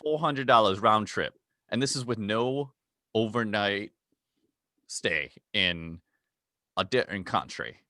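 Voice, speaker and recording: A man's voice: lowish voice, animated, slow pace, pauses often, bright, forceful tone, dry recording, studio quality, exaggerated voice. A man putting on a cheery globetrotting male travel guide, calling everyone mate. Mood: chummy. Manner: chummy, calls everyone mate.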